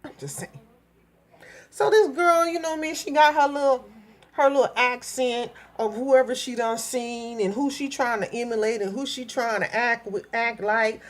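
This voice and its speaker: A middle-aged woman from Minnesota telling a story in a blunt, profane, animated vlog rant. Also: fairly high pitch, normal speed. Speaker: vlogger.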